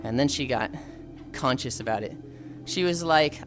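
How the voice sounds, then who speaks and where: A woman's voice: very deep voice, moderate pace. A woman streamer chatting casually, thinking aloud with frequent sighs and reading chat aloud. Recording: faint music behind.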